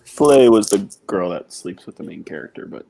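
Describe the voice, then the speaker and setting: A man's voice: animated, moderate pace, creaky, mellow, slight background noise. A man chatting casually on a model-building livestream, laughing often and talking bluntly and crudely. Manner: laughing, blunt and crude, pitch jumps around. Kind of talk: casual chat.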